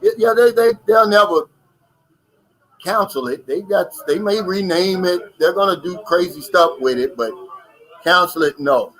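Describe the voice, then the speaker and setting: American male streamer, fairly high voice, loose and talkative, riffs on viewer comments. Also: unhurried, a bit bright, rough recording. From United States. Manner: chatty, reads out comments and riffs on them. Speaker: livestream host reading viewer comments. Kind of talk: casual live-stream chat.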